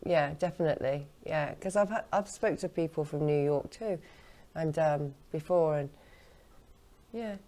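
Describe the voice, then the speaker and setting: A middle-aged English woman hosting an interview, talking quickly and chattily with frequent laughter. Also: low voice, mellow. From England. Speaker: podcast host. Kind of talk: casual interview chat.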